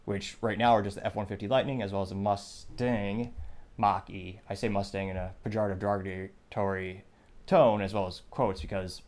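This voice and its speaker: A man with a low voice hosting an opinionated news podcast. He talks in a conversational way and drops in sarcastic, wry asides. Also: steady tone, quick pace, darkish tone. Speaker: podcast host.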